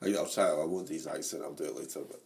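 A Scottish man in his forties, chatting about football and family in an animated way, laughing often, his voice going a bit hoarse. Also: very deep voice, rapid-fire. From Scotland. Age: 40s. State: losing his voice. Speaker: podcast co-host. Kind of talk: casual football chat.

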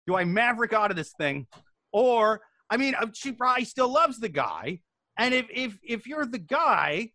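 A man's voice: high-pitched, pushed and bright, no room sound, studio quality. A man co-hosting a comedy advice podcast, joking and swearing in casual banter. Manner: profane, joking, slips into put-on voices. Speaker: co-host.

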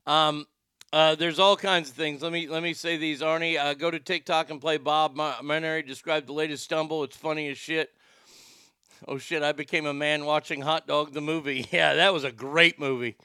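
A man's voice: a little high, fairly even intonation, normal speed, bright, forceful tone, clean tone, dry recording, clean studio sound. A man hosting a livestream, chatting casually and reading viewer comments in a rambling, profane way. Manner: rambling and profane, with frequent restarts.

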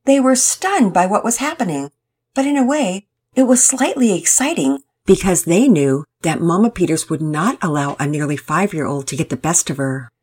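A woman's voice: fairly low pitch, animated, moderate pace, a little mellow, slightly rough. A woman hosting and narrating a children's family story, reading it aloud. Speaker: storyteller and host.

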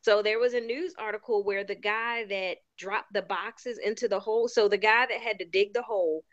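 A woman with a Baltimore accent, chatting animatedly and incredulously as a podcast co-host. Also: medium pitch. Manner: animated, incredulous, quick asides. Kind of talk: casual chat. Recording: slightly muffled lo-fi audio.

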